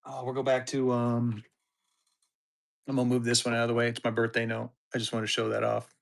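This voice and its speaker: A man's voice: mid-range voice, completely flat delivery, brisk, creaky. A man in his fifties running a live-stream auction, with chatty, upbeat patter that hypes the bids. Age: 50s.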